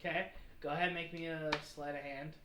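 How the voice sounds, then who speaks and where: A woman's voice: sits low, level tone, fairly quick. A woman narrating as game master with rambling, filler-heavy descriptions. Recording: echoey room with background noise.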